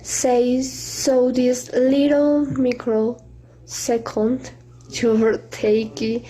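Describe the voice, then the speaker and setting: A woman student presenting a class video, speaking carefully in halting English. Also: fairly high pitch, level tone, warm tone, poor audio.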